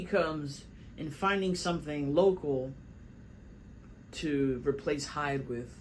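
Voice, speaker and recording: A man's voice: a little high, steady tone, takes it slowly, long pauses, slight background noise, low-quality recording. A man vlogging from a music studio, thinking aloud in a loose, conversational way as he works on a song. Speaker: rapper vlogging his songwriting. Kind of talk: casual studio vlog talk.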